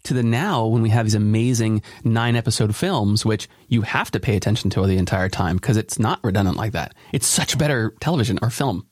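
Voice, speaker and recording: A man hosting a daily podcast in a casual chat, animated and laughing often. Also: fairly low pitch, fairly quick, hardly any pauses, no echo, clean studio sound. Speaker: podcast host.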